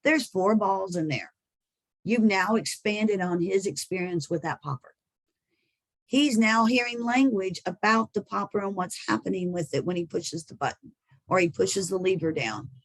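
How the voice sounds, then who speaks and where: Middle-aged woman trainer, plain explanatory delivery with soft baby-talk examples, dry close sound. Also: medium pitch, moderate pace, no room sound, low-quality recording. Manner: demonstrates soft, sing-song talk to babies. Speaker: early learning trainer. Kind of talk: training presentation.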